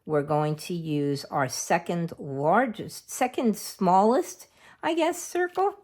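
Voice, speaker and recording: A middle-aged woman hosting a casual craft tutorial at home, chatting homely and unhurried while she works with her hands. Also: lowish voice, expressive, a little mellow. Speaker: craft video host.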